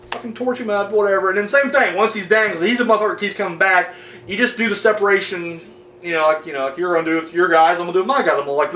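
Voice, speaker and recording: A man ranting casually to camera, animated and profane and jokey, with quick acted-out asides. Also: high-pitched, roomy sound, distant mic, slight background noise. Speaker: video blogger.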